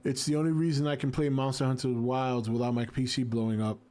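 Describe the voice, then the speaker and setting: A laid-back man in his forties chats casually on a livestream. He reads viewer comments aloud and answers them with easy jokes, at a middle pitch. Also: level tone, fast talker, darkish tone. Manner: laid-back, jokey, reacts to chat. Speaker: livestream host reading chat. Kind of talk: casual chat.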